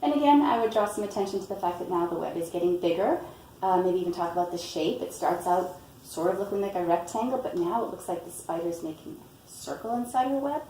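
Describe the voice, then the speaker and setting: A woman reading a picture book aloud and explaining storytime tips in a patient way, often pausing with "um" and "you know". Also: lowish voice, mellow, slight background noise. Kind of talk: instructional read-aloud tutorial. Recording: roomy, from a distance, faint ambience.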